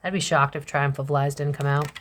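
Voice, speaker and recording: A woman's voice: low-pitched, flat delivery, brisk. A young adult woman giving a casual tarot reading to camera, chatty and blunt, with slang and swearing. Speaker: psychic tarot reader.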